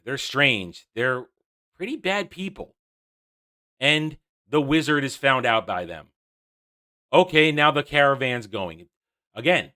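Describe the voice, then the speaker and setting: A man's voice: on the high side, bright, forceful tone. A man reviewing a TV episode, sarcastic and exasperated, recapping scenes with frequent restarts. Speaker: YouTube reviewer.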